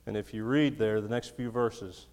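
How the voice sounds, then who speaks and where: Storytelling preacher in a reverberant hall. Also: male voice, lowish voice, fairly even intonation, moderate pace. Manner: storytelling, laughs often, swings between quiet and loud. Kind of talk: sermon.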